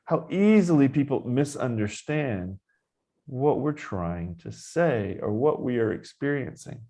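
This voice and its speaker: A man who teaches Zen meditation, giving an informal dharma talk in a relaxed, conversational way. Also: mid-range voice, a little slow.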